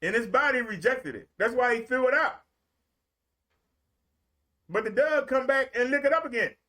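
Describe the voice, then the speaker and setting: A man's voice: very high voice, moderate pace, sharp tone. A man preaching a streamed sermon in a colloquial, repetitive storytelling way.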